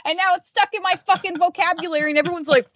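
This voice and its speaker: A woman's voice: very high voice, fairly even intonation, rapid-fire, a bit bright, dry recording, clean studio sound. A woman with a Minnesotan accent telling rambling stories on a casual comedy podcast, acting out other people's voices and swearing freely. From United States. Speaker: podcast co-host.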